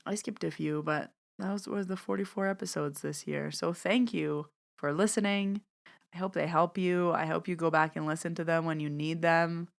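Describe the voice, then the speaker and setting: Smooth-voiced woman hosting a heartfelt recap. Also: lowish voice, fairly even intonation, normal speed. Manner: heartfelt and reflective, chatty. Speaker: podcast host and medium. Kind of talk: solo podcast year-end recap.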